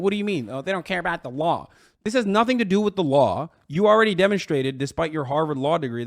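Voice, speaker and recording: A man's voice: mid-range voice, dry recording, studio quality. A man reacting to a clip, mocking it with sarcasm and constant swearing. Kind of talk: profane reaction commentary.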